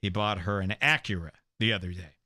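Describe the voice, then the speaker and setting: A man's voice: deep voice, steady tone, a little fast, pushed and bright, no echo, studio quality. A man hosting a comedic talk show, ranting in a crude, mocking, gossipy manner. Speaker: radio show host.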